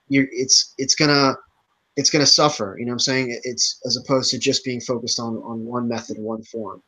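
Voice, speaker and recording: A man chairs a casual online meeting in a bright, ringing voice. He hesitates often, restarting phrases and leaning on fillers. The sound comes through a video call. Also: mid-range voice, low-quality recording. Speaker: chapter organizer leading an online meeting.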